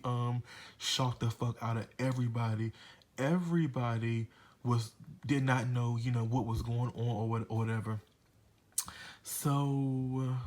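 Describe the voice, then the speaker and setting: A man's voice: mid-range voice, darkish tone. A man giving a casual recap of a reality TV episode, blunt and profane, with a gossipy, opinionated way of talking. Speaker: reality TV reviewer.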